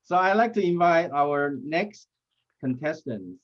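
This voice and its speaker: A man acting as toastmaster for a speech contest, chatting with contestants in a joking, halting way over a video call. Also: a little high, expressive, muffled recording. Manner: jokey, halting with restarts. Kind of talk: friendly interview banter.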